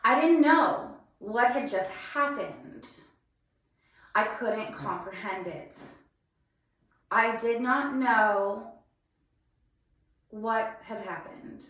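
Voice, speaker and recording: A young woman recounts a personal ordeal, stopping and restarting her sentences as she goes. Her voice sits a little high, and the words carry emphasis. The recording rings with heavy room echo. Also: expressive, fairly bright tone. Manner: halting, restarting, emphatic retellings. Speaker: vlogger telling a personal story. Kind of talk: emotional personal storytelling. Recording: very echoey room.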